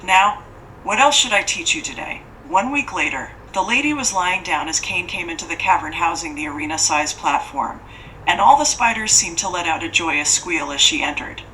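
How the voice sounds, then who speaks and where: A woman giving a steady, measured scripted horror narration as an audiobook narrator. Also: fairly low pitch, slight background noise, poor audio.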